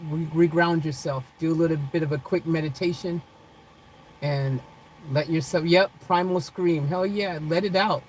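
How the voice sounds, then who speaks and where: Parked in her car, a woman live-streams and reads the chat, addressing viewers by name, laughing a lot, rambling loosely, and saying "freaking" often. Her voice is deep and a little mellow, with fairly even intonation and normal speed. The audio is poor, with slight background noise.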